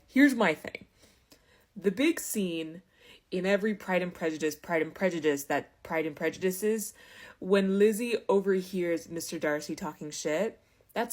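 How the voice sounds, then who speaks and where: A young woman reviewing films in a casual, animated rant, sarcastic and exasperated, with sudden loud outbursts. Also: mid-range voice. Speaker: book and film reviewer. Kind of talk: casual ranting review monologue.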